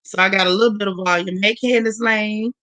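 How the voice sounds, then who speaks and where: A hoarse woman hosting a livestream in casual chat, warmly greeting viewers by name one after another. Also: medium pitch, fairly even intonation, a little fast, no room sound, poor audio. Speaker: livestream host.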